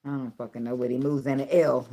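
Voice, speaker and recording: A woman's voice: very deep voice, big pitch swings, normal speed, dark tone. A woman giving a casual tarot reading, blunt and profane, often breaking into laughter. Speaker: tarot reader.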